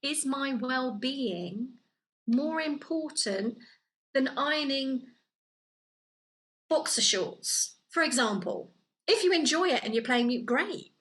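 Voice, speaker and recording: Living in Italy, this podcast co-host talks earnestly and casually, offering advice amid many fillers and restarts. She sits high with lively intonation, speaks slowly with frequent pauses, and sounds a bit bright over poor audio.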